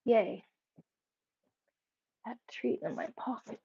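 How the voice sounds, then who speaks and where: A woman's voice: on the high side, fairly even intonation, slow pace, creaky, warm tone, slightly rough, highs cut off. A woman vlogging at home, giving firm, repeated commands to her dogs between remarks to the camera. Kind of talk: casual home vlog. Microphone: camera set up in the room.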